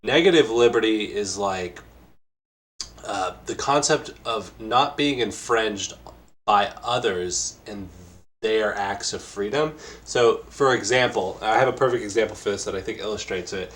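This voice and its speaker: A man's voice: fairly low pitch, fairly bright tone. A man co-hosting a casual stream, asking questions in an easygoing, jokey way. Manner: easygoing, jokey, quick to exclaim. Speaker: podcast co-host and interviewer.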